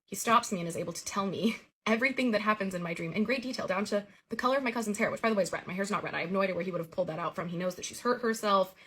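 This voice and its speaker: A woman's voice: medium pitch, rapid-fire, a bit bright, slightly rough. A woman telling the story of a recurring childhood dream in a casual, earnest way.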